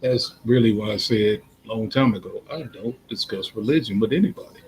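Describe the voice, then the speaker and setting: A man's voice: lowish voice, fairly quick, darkish tone, slight background noise, low-quality recording. A man co-hosting a podcast in casual chat, skeptical and questioning. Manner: skeptical, questioning, laid-back. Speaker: podcast co-host.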